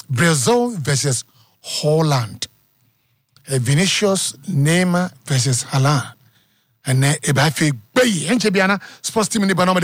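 Ghanaian male sports radio host, upbeat call-in banter, higher voice, dry studio sound. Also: dry recording. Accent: Ghanaian English. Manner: energetic, repeats phone number, chatty.

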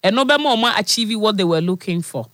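A man's voice: high-pitched, lively intonation, moderate pace, fairly bright tone, no room sound, studio quality. A man with a Ghanaian accent hosting a live stream interview, talking casually and encouragingly, switching between English, pidgin and Twi.

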